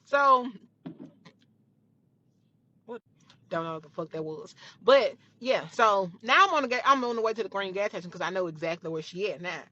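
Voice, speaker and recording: Bright-voiced young woman telling a story. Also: medium pitch, animated, brisk, hardly any pauses, no echo, highs cut off. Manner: emphatic, profane, repeats phrases. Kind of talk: storytime retelling.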